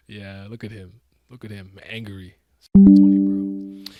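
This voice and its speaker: A young man streaming live, reacting to a comic he reads aloud, excitable and full of profane slang. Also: lowish voice, slow, soft background music.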